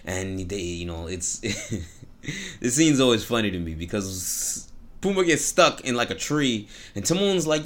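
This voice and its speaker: Animated, slangy male storyteller. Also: fairly low pitch, unhurried. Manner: slangy, animated, preachy asides. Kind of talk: casual storytelling with a moral message.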